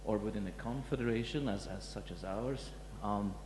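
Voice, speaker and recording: A man, a museum curator, giving a reflective talk to an audience, pausing and restarting often. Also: on the low side, a little mellow. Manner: halting, many restarts and fillers, reflective. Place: lecture hall. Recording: echoey hall with faint hum.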